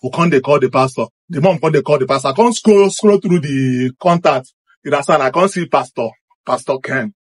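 Husky Nigerian man telling a story. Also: fairly high pitch, brisk. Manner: excited, repetitive, acts out what happened. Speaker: storyteller recounting a personal experience. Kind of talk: animated first-person storytelling.

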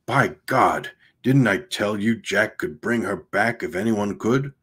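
A boisterous, pushy film producer booming out his words in a storybook reading, as a man puts him on. The voice is low and slow. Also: expressive, breathy edge, heavily acted. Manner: loud, booming exclamations.

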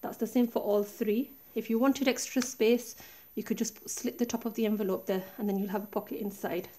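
A woman's voice: medium pitch, brisk. A woman walking through a handmade craft project in a casual, chatty show-and-tell, recorded on a tablet set up above her desk. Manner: chatty, relaxed, pointing things out step by step. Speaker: craft tutorial maker. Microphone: tablet camera set high above the desk.

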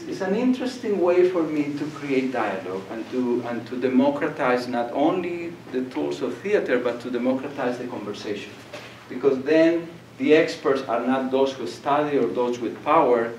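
Older man lecturing in a hall, animated storyteller; distant, roomy recording with light hiss. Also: medium pitch, moderate pace, hardly any pauses. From Colombia. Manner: animated storyteller, acts out voices and laughs. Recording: echoey room, distant mic, faint noise.

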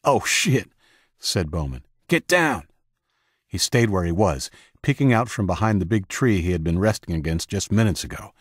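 A man with a very low voice narrates an audiobook in a steady, measured way. The recording is close-miked and completely dry. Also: dry recording. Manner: steady, measured reading of action scenes. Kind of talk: scripted narration.

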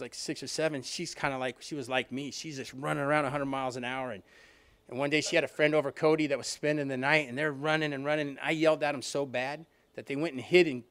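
Fast-talking man sharing his recovery story. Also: medium pitch, fairly bright tone. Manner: conversational storytelling, frequent "you know what I mean", restarts. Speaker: alumni reunion speaker. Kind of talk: personal recovery story told to an audience.

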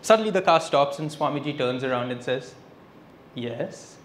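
A man giving a public spiritual lecture, telling stories with a lively delivery and dropping in Hindi phrases. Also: a little high, quick pace. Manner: lively storyteller, switching between English and Hindi phrases. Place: lecture hall, indoors. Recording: echoey hall with faint noise.

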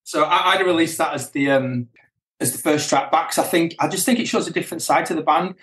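A middle-aged man and band member chatting casually as a guest, relaxed and chuckling, often restarting his sentences. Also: on the high side, fast, reverberant. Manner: relaxed, chuckling, self-correcting. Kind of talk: casual chat.

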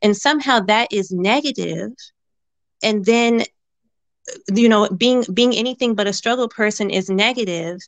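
A woman's voice: mid-range voice, moderate pace, no echo. A woman calling in to a talk show, speaking earnestly and repeating words as she works out her point. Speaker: caller. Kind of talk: call-in conversation.

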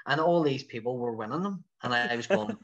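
A man's voice: mid-range voice, fairly quick, vocal fry, dull audio. A man with a Belfast accent, a stand-up comedian telling anecdotes in a casual way and acting out other people's voices. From West Belfast, Northern Ireland. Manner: animated storyteller who acts out the voices of other people.

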